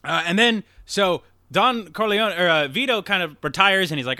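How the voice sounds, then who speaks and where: Animated man rambling through a film recap. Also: a little high, moderate pace, hardly any pauses, dry recording, clean studio sound. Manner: rambling, animated retelling with acted-out quotes and swearing. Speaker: podcast co-host. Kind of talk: casual film recap chat.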